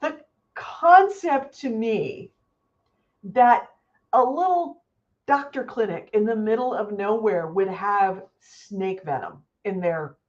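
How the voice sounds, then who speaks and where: A woman co-hosting a casual chat show, telling stories in an animated, swearing, easygoing way. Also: medium pitch, slow pace, muffled recording. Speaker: podcast co-host.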